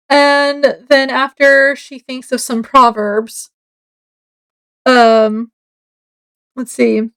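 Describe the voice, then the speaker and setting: A woman's voice: sits high, steady tone, takes it slowly, a bit bright, clean tone, rough recording. A woman reviewing a book casually, summarizing the plot in a chatty, meandering way with many fillers.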